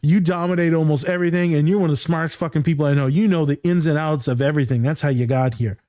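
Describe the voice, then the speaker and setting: Male podcast host, therapist, fairly high voice, dry close sound, animated and profane. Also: fast, no echo. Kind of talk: casual chat.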